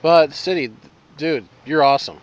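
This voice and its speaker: A man with a fairly high voice hosts a casual online interview, keeping things friendly and upbeat as he asks questions. The audio is dull and lo-fi. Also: moderate pace, clean tone. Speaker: host.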